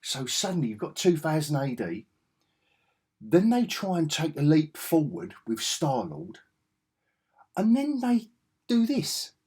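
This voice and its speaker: A man's voice: on the high side, huge pitch swings, measured pace, long pauses, darkish tone, slightly rough. A man, talking through old comics in an enthusiastic, rambling vlog. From England. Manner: enthusiastic and rambling, with frequent restarts. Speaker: comics vlogger. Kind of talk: casual nostalgic monologue.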